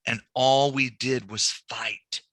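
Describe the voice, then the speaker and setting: A man's voice: mid-range voice, slow, dry recording. A man teaching a banking class, walking through numbers step by step and telling stories with quoted dialogue. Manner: animated storytelling with quoted dialogue. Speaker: banking instructor. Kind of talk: recorded training lecture.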